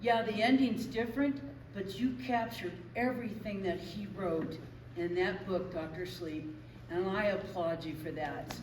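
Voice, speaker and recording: An older woman speaks slowly and earnestly from the audience. Her voice comes from a distance in a roomy hall. Noise is clear behind her. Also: medium pitch. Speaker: audience member. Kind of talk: public comment at a Q&A.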